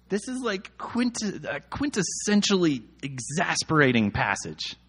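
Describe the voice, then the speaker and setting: A man's voice: fairly high pitch, very animated, measured pace, few pauses, a bit bright, breathy edge. A man in his thirties reading scripture aloud and breaking off into jokey, exasperated asides about it. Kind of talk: casual scripture reading and commentary.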